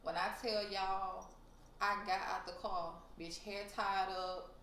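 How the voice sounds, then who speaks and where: A woman's voice: medium pitch, steady tone, slow, a bit bright, a little hiss or hum. A young woman vlogger telling a storytime to her viewers in a blunt, profane, heated way. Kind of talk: casual storytelling to camera. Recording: roomy echo.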